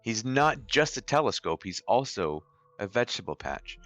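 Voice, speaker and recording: A man's voice: mid-range voice, big pitch swings, normal speed, a bit bright, no room sound, soft background music. A man from Canada co-hosting a casual livestream, easygoing, telling stories with dry jokes. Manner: easygoing, dry joking, storytelling. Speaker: co-host, host's brother. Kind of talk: casual charity livestream chat.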